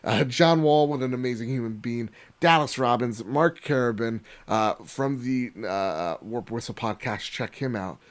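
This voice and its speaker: A man hosting a casual podcast over a video call, excitable and swearing as he rattles off thank-yous. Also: mid-range voice, normal speed, hardly any pauses. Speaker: podcast host.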